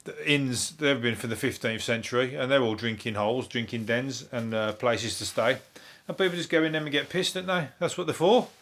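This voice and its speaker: A man's voice: mid-range voice, a little fast, hardly any pauses, fairly bright tone. An English man hosting a comedy podcast, chatting casually in a rambling way, swearing freely and chuckling often.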